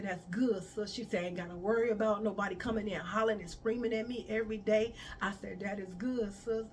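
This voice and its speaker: A woman's voice: mid-range voice, far from the mic. A woman shares a personal story in a casual storytime vlog and calls her viewers "y'all" as she goes. She acts out each person's lines in turn. The mic sits a little away from her, and there's a faint hiss in the background. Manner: conversational, addresses viewers as y'all, quotes others in dialogue.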